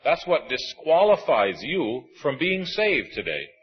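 Preaching to a congregation in an auditorium, this man becomes animated and voices the characters in his stories. He speaks a little high and husky at a measured pace, in a muffled recording.

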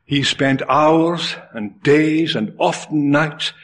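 Male preacher going hard, slow with long pauses, loud then hushed, kinda husky high voice. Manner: impassioned, swinging from loud cries to hushed near-whispers; dramatic pauses. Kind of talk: sermon.

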